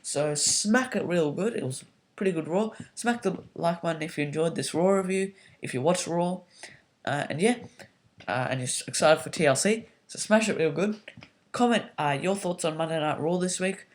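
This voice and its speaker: A man's voice: fairly high pitch, a little fast. A young man giving a rambling, casual spoken review full of fillers and restarts. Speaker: wrestling show reviewer.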